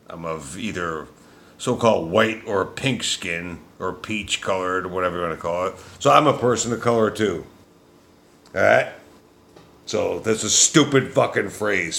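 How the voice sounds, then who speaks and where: A man delivering an angry, profane political rant as a vlogger, shouting at times. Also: fairly low pitch, animated, moderate pace, gravelly.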